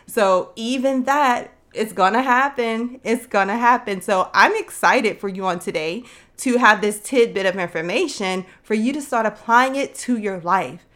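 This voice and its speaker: A woman's voice: a little high, normal speed, fairly bright tone. A young woman hosting a faith show, speaking in an earnest, conversational way and calling her listeners sis. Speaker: faith podcast host. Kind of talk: encouraging faith talk to listeners.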